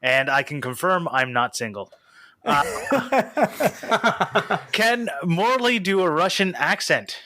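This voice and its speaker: A man's voice: fairly high pitch, lively intonation, slow, long pauses, pushed and bright, dry recording. A young man hosting a casual podcast chat, rambling a little as he reads out listener questions. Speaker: podcast host.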